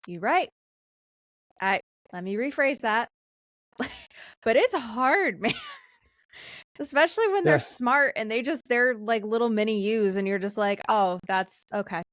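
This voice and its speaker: Quick, witty woman hosting a podcast. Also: a little high, expressive, fairly bright tone, no echo, clean studio sound. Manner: quick, witty and sarcastic, laughs often. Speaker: podcast host. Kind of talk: casual podcast chat.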